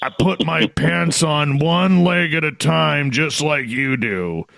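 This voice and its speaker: A man putting on the gruff voice of a friendly older man, laid-back and reassuring. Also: on the high side, takes it slowly, a bit bright, no room sound, voice pushed up, exaggerated voice.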